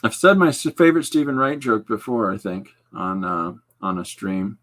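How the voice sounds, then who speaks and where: A man hosting a podcast, chatting casually while he draws, rambling and breaking off into quick asides. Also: lowish voice, expressive, a bit bright. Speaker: podcast host. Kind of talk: casual chat while drawing.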